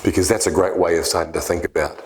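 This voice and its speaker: A man's voice: sits low, fast talker, slight background noise. A man giving a church leadership talk on discipleship, telling stories and acting out the voices in them. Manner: animated storyteller acting out quoted voices.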